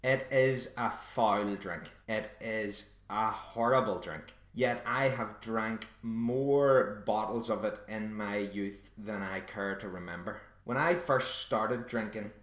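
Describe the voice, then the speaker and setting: A man's voice: on the low side, takes it slowly, hardly any pauses, a bit bright. A Northern Irish man hosting a solo podcast, telling a story in a wry, self-deprecating way. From Northern Ireland. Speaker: podcast host. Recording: roomy echo.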